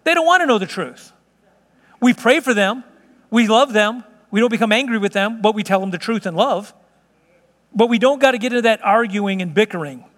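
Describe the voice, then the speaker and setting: A man preaching a sermon in an emphatic, conversational way, at times dropping to slow, hushed tones. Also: high-pitched. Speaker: pastor. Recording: long reverb of a large hall.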